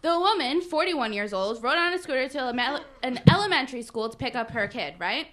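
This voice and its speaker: A woman presenting a news segment on an internet radio show, telling stories in a giggly, animated way. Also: high-pitched, brisk. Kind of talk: casual studio banter, reading news stories.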